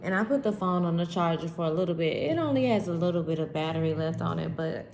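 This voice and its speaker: Emotional lady doing a tarot reading, gravelly, talks right to y'all, echoey room. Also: on the low side, lively intonation, quick pace, background noise. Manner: candid, addresses viewers as y'all. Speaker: tarot reader.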